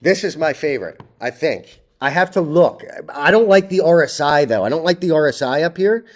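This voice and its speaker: In a stock video he hosts himself, a young man rambles over charts with blunt, profane commentary and frequent restarts. He speaks at normal speed in an animated voice on the high side.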